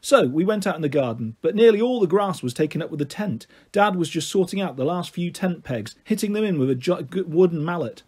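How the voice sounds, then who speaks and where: A man narrating a children's book in a gentle, steady reading voice. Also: on the high side, fairly quick, hardly any pauses, slightly rough. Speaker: storyteller.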